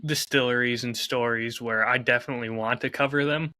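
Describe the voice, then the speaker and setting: A man with a mid-range voice and a bright, forceful tone, recorded close and dry with no room sound. He speaks earnestly and hesitantly in casual podcast chat, often pausing to find his words. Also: mid-range voice, steady tone, dry recording. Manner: hesitant, lots of ums and restarts, earnest. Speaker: podcast co-host.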